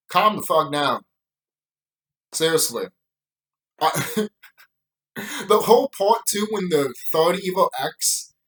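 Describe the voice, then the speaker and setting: A man's voice: on the high side, fairly bright tone, poor audio. A man giving a casual, profane opinion commentary on a show, ranting with bursts of laughter. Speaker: YouTube show reviewer.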